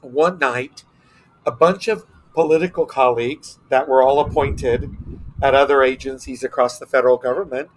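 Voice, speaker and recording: A middle-aged man from Texas, a guest telling animated stories in a casual interview, acting out quotes as he goes. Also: medium pitch, moderate pace. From Texas, United States. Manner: animated anecdotes with acted-out quotes.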